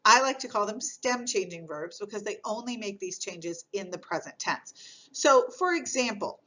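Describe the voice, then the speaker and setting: A woman explaining grammar in a recorded lesson, patient and clear, repeating key points as she goes. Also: medium pitch, expressive, normal speed, fairly bright tone, dull audio. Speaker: French teacher.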